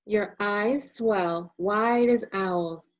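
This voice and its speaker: A woman illustrator reading a children's picture book aloud, as a gentle and expressive storyteller. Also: medium pitch, very slow, highs cut off.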